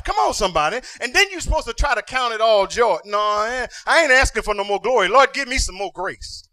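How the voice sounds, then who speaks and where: A man preaching, his voice high and bright. He works the room with call-and-response, building into sing-song shouted peaks. The sound is dry and close. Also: big pitch swings, a little fast, hardly any pauses, no echo. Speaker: pastor. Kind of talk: sermon.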